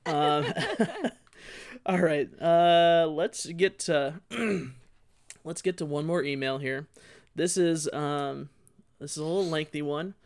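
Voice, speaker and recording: A man co-hosting a casual podcast, joking around, laughing loudly and reading listener emails aloud. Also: on the high side, fairly even intonation, slow pace, smooth. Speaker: podcast co-host. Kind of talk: casual chat.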